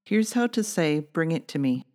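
A woman with a notably low voice reads out a language lesson. She guides the learner step by step in a calm, clear teaching manner. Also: moderate pace. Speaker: language course narrator. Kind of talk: scripted instructional narration.

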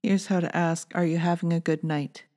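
A woman with a notably low voice reads out a language lesson. She guides the learner step by step in a calm, clear teaching manner. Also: normal speed. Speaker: language course narrator. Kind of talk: scripted instructional narration.

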